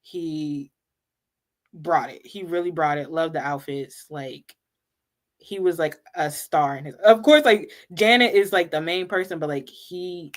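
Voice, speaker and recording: A woman's voice: low voice, unhurried. Chatty woman telling a fan story. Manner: animated storytelling, many "like"s, laughs often. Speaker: co-host. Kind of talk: casual fan chat.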